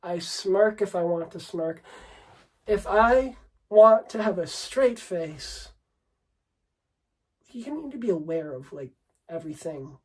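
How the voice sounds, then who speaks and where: A man's voice: sits high, expressive, slow pace, long pauses, darkish tone, husky, low-quality recording. Brash, profane male dating coach. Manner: calls the listener bro and dude. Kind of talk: unscripted talk to camera.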